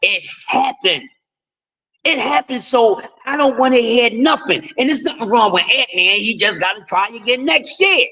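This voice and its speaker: A middle-aged man talks sports on a casual live stream in a raspy, bright-edged voice. He sits high in his range and rambles in a loose, jokey way, doubling back on his words. He comes from the US East Coast. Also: animated, moderate pace, hardly any pauses, low-quality recording. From East Coast of the United States.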